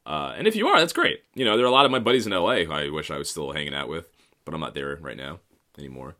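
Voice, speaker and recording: A man's voice: extremely low pitch, sing-song, quick pace, bright, forceful tone. Rambling, profane man in his thirties. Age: 30s. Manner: rambling, profane, self-mocking. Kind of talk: casual monologue.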